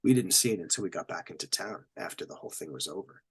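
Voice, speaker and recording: Deep, expressive and slightly rough, the voice moves fast. It belongs to a middle-aged military veteran telling stories in a podcast interview, acting out quotes and sound effects while swearing freely.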